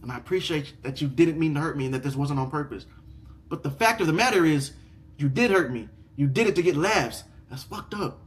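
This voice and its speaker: On his laid-back reaction video, a young host reads stories from the internet and tears into them afterward, talking a little fast and expressively. Expect repetition, plenty of swearing, and swings from shouting to muttering.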